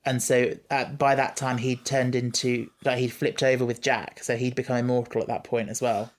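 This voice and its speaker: A man's voice: medium pitch, flat delivery, moderate pace. Chatty, enthusiastic male podcast host. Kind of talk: casual chat.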